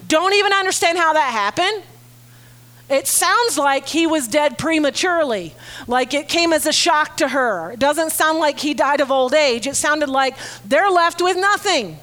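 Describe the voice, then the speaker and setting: High-voiced woman preaching a sermon. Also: a little slow. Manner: conversational, animated, acts out quoted voices. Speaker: pastor.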